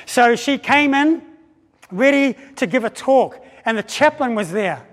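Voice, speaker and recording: A man preaching a sermon, telling a story in an animated way and acting out the voices of the people in it, with frequent restarts. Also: extremely high pitch. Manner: animated, acts out quoted voices with pauses and restarts. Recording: long hall reverb.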